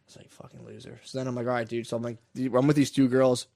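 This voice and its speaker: A man's voice: medium pitch, flat delivery, fast, dark tone. A young man co-hosting a podcast, telling rambling, profane stories in casual chat and laughing often. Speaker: podcast co-host.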